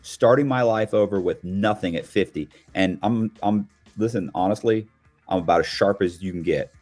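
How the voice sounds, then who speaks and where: A man's voice: fairly low pitch, moderate pace, a little mellow, soft background music. A man in his fifties who speaks bluntly and streetwise in a casual podcast conversation. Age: 50s. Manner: blunt, streetwise, acts out quoted voices. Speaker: guest commentator.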